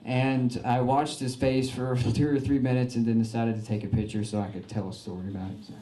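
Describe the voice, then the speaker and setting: A man's voice: medium pitch, little pitch movement, fairly quick, dark tone. A young man giving an informal slideshow talk. He is folksy and earnest, with plenty of fillers and restarts. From Arkansas, United States. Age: young adult. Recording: echoey room.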